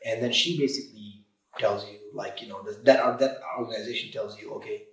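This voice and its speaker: A man's voice: fairly low pitch, steady tone, fairly quick, a little hiss or hum. A man who runs an auto repair shop talks about his business on a podcast interview. He speaks emphatically and with animation, often saying "you know" and "literally". He is heard from a distant mic in a room with a lot of echo. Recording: roomy sound from a distant mic.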